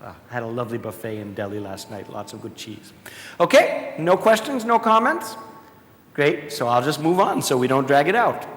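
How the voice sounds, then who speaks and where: A man giving an animated, jokey conference talk and addressing the audience directly. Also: medium pitch, normal speed. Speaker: conference speaker. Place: large conference hall. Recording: echoey hall with long reverb.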